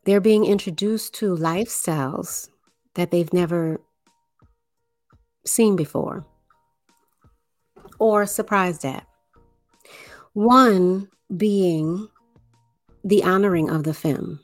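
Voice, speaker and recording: A woman from the New Orleans area giving a slow explanatory monologue, with deliberate, drawn-out phrasing and pauses. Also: lowish voice, dry recording, studio quality, soft background music.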